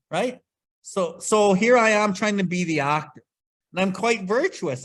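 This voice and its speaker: A man's voice: high voice, normal speed, a bit bright. A man leading a casual recovery study talk, blunt and swearing freely as he acts out his own past outbursts. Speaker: podcast host leading Big Book study.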